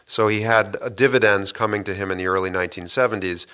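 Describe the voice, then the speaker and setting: A man interviewed as a guest, giving long, measured story-like answers with frequent hesitations and restarts. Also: fairly low pitch, steady tone, pushed and bright, clean tone.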